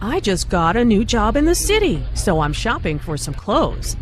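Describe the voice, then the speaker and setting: A woman's voice: mid-range voice, very animated, moderate pace, slight background noise, lightly acted. A woman voicing a friendly woman greeting an old friend while shopping, in a chatty manner. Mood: pleased.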